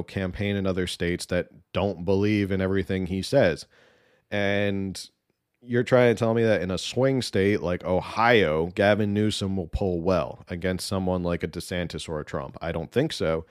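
Rambling opinionated man, low dry voice. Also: no room sound. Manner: rambling and opinionated, many ums. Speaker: political commentator. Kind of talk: casual political commentary.

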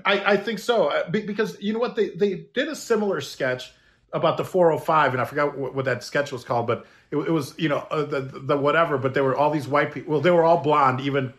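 Rambling man, slightly high voice. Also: fast talker. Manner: rambling, hesitant, many fillers and repeats. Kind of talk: casual conversation.

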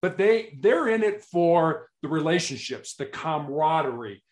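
Animated middle-aged man telling stories. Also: on the high side, moderate pace. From Chicago, United States. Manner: animated storyteller, acts out quotes. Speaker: guest, motivational speaker. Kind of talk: storytelling interview talk.

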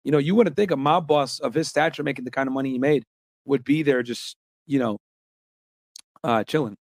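A man's voice: mid-range voice, a little fast, dry recording, studio quality. A man hosting a podcast, chatting casually and addressing his listeners as guys. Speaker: podcast host. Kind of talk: casual reaction commentary.

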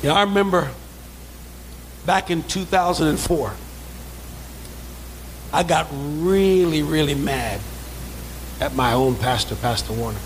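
A man preaching a sermon as pastor, calling for amens, acting out quoted voices and rising into shouts. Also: a little high, unhurried, long pauses, slight background noise, low-quality recording. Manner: preaching with call-and-response, building to shouts; acts out quoted voices in asides. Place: church sanctuary.

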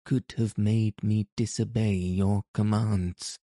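A man's voice: fairly low pitch, little pitch movement, takes it slowly, dark tone, dry recording, clean studio sound. A man voicing a timid male imp servant who pleads humbly and stammers in fear. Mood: pleading, fearful.

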